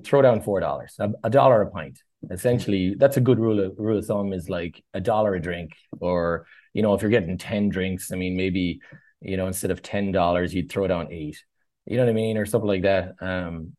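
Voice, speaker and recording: A middle-aged Irish man, a bartender and tour organiser, chats as a guest in a casual interview. His fairly low, warm voice moves a little fast as he tells stories and acts out the voices in his anecdotes.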